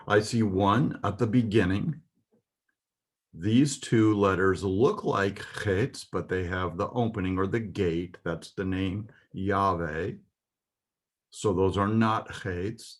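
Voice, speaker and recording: Deep husky guy teaching letters real slow and patient. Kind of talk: Hebrew alphabet lesson.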